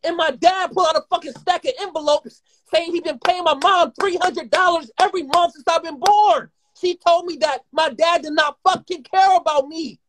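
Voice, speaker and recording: A man in his twenties talking heatedly and rapidly as a guest in a live conversation, swearing often and rambling. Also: very high voice, a bit bright. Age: 20s. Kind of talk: emotional live-stream conversation.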